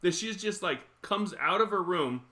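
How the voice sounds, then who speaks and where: A man in his thirties hosting a livestream, telling stories in casual chat, animated and quick to laugh. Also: sits high. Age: 30s. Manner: animated, laughs often, acts out quotes. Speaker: livestream host.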